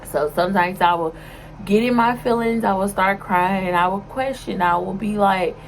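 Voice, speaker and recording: A woman's voice: mid-range voice, normal speed, a little hiss or hum, poor audio. A young woman talking casually to her vlog audience in an emotional, sometimes tearful way, with many fillers. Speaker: vlogger.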